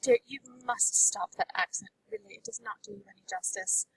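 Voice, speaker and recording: A woman's voice: sits high, very animated, brisk, creaky, fairly bright tone, slightly rough, far from the mic, full character voice, low-quality recording. A woman voicing a prim, fussy genteel lady who calls everyone dear and darling.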